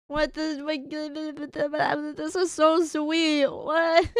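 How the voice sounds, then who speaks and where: A woman's voice: sits high, no room sound, clean studio sound. A woman streamer chatting on a livestream, choked up and tearful, giggling between her phrases. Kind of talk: casual livestream chat.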